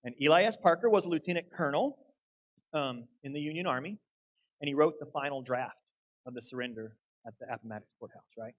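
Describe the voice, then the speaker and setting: Folksy preacher, higher voice. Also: male voice, fast talker, dull audio. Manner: folksy, earnest storytelling. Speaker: guest preacher. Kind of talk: sermon.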